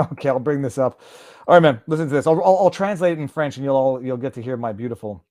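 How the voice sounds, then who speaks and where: A man's voice: mid-range voice, quick pace, darkish tone, dry recording, clean studio sound. A man hosting a live stream, reading documents aloud and translating them in real time with sarcastic asides. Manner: sarcastic, reads text aloud and translates on the fly. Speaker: host. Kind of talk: casual live-stream commentary.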